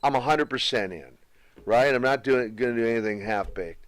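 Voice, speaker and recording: Man, wrestling guest, relaxed storyteller, dry close sound, middle pitch. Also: moderate pace, no room sound. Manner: relaxed anecdotal storyteller, many restarts. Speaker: guest, former pro wrestler. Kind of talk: storytelling in a casual interview.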